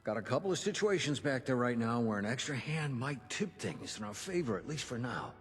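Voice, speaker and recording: A man's voice: brisk, in a large hall, a little hiss or hum, lightly acted. An actor playing a weary male resistance leader in a video game, speaking in an earnest, plain way. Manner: earnest, plain-spoken, lively pitch. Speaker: game character.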